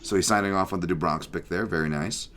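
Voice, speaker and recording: A man hosting a podcast, chatting casually about martial arts and reading listener picks, animated and quick to laugh. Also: low-pitched. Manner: animated, laughs often, joking. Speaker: podcast host.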